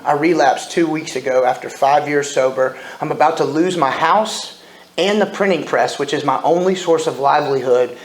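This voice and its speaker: A man's voice: a little high, normal speed. A man in his forties, speaking at a recovery meeting and telling his story candidly, with self-deprecating humor. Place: meeting room. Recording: echoey room with faint ambience.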